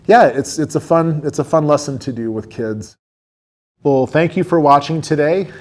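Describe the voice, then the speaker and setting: A male educator explaining in a casual, friendly way how he teaches children a song, pausing with an occasional um or uh. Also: mid-range voice. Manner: friendly, relaxed, with fillers like um and uh.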